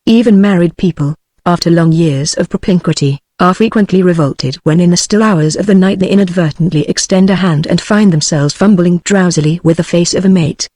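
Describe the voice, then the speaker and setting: Woman, British accent, synthetic text-to-speech narrator, even delivery, dry sound. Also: fairly low pitch, a little fast, hardly any pauses, no echo. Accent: British English. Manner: even machine-read delivery.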